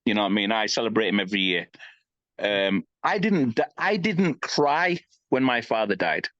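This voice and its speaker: On a dry, slightly dull lo-fi recording, a man in his fifties speaks at a moderate pace in a lowish, expressive voice with a fairly bright tone. As a podcast guest, he talks candidly and bluntly, with plenty of emphasis, free swearing and frequent "you know what I mean" questions.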